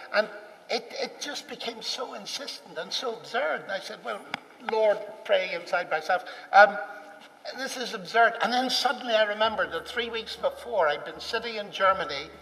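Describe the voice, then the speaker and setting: A man telling a personal story to an audience, animated and acting out the dialogue as he goes. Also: high-pitched. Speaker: speaker recounting a personal story. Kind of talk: anecdotal storytelling talk. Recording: distant mic in a reverberant hall.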